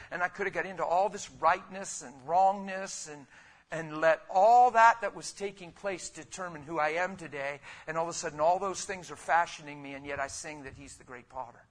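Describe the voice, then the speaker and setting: A middle-aged man preaching a sermon with fervor, dropping low and then rising into loud, emphatic bursts. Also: fairly quick. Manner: fervent, swinging from quiet to loud emphatic bursts.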